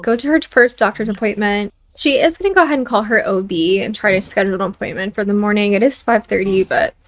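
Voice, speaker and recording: A woman's voice: mid-range voice, quick pace. A young woman chatting casually as she narrates a life-sim game for her channel, full of filler words. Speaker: let's play host.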